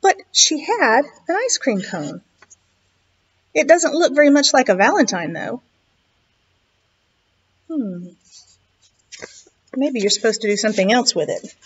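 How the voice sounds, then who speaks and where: A woman, a children's librarian, reading a story aloud at a virtual storytime in an expressive, slow, sing-song way. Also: sits high. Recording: dull lo-fi online video recording.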